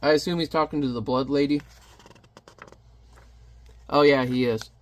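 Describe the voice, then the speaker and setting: A man's voice: mid-range voice, fairly even intonation, normal speed. A man casually reviewing a comic, chatty and joking as he narrates the panels. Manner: chatty, jokey asides.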